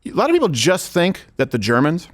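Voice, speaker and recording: A man's voice: a little high, brisk. A man hosting a political talk show, talking casually, joking and laughing with his co-hosts. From United States. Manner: lively, joking, laughs often. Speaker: host.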